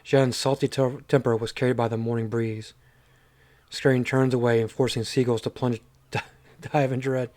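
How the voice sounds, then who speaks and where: A man's voice: mid-range voice, flat delivery, moderate pace, darkish tone. A man reading a story game aloud and commenting on it with amused asides. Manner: amused, reads with chuckles and asides. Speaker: gaming channel host.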